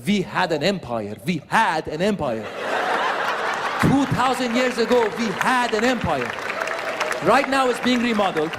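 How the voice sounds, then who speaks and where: Man doing a loud Persian-accented immigrant dad. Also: sits high, very animated, measured pace, a loud crowd, very noisy. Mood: proud. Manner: loud, commanding, heavily accented. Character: bossy older Persian immigrant father.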